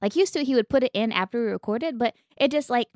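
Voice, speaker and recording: A woman's voice: fairly high pitch, expressive, quick pace, darkish tone, no echo, studio quality. A woman co-hosting a board game podcast, playful and jokey, giggling often, on a mic on a stand. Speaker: podcast co-host. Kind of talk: casual chat.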